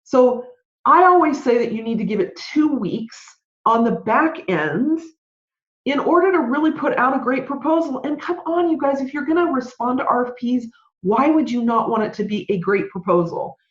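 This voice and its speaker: Female podcast host, fast conversational rant, muffled roomy recording. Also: high voice, lively intonation. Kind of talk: solo podcast advice. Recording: roomy, dull lo-fi sound.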